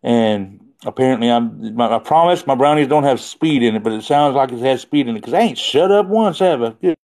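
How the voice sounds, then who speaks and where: A man's voice: medium pitch, lively intonation, brisk, a little mellow. A man hosting a casual livestream from his phone, rambling and chatty and laughing often. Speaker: livestream host.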